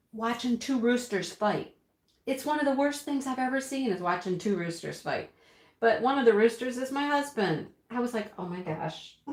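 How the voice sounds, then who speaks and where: Chatty woman telling a story, echoey room. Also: mid-range voice. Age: middle-aged. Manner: animated, chatty, laughs often. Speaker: live stream host. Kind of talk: casual storytelling to live viewers.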